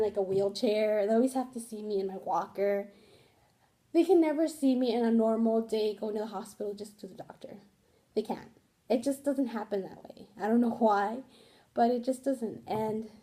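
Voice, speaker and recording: Young female vlogger, loose rambling chat, slightly high, mellow tone. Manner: rambling, candid, swears casually, frequent fillers. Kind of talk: casual rambling vlog.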